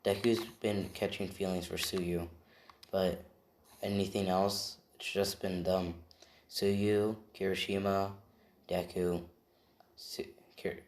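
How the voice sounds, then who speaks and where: A man's voice: deep voice, level tone, slow pace, long pauses, a little mellow, reverberant. A man improvising a fan story aloud, rambling and often correcting himself as he goes. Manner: rambling, self-correcting, tells it off the cuff.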